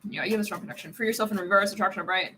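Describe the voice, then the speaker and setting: A woman's voice: medium pitch, rapid-fire, bright, forceful tone, a little hiss or hum. A woman giving a casual live tarot reading, rambling with many fillers, swearing and laughing often. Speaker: tarot card reader.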